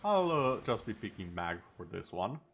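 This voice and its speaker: A man's voice: lowish voice, sing-song, moderate pace, fairly bright tone, husky. A male streamer in casual chat over gameplay, talking easily and tossing in sarcastic asides.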